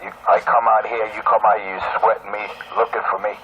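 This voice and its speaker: Low-voiced taunting man over tinny radio. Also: level tone, fast. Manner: taunting, calls the other man 'brother' over and over. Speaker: CB radio caller. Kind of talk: trash-talking radio banter. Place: CB radio channel. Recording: tinny radio transmission with crowd noise.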